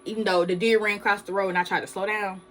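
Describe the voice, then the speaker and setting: A woman's voice: mid-range voice, fairly even intonation, quick pace, a bit bright, a little hiss or hum, rough recording. A young woman vlogger, animatedly telling a story to her viewers and calling them "y'all". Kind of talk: storytime vlog.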